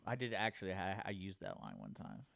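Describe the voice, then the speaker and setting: Lower-voiced man telling funny stories. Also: wildly swooping pitch, brisk, vocal fry, fairly bright tone, no room sound. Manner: laughing storyteller acting out quoted dialogue. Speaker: radio co-host. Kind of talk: casual storytelling.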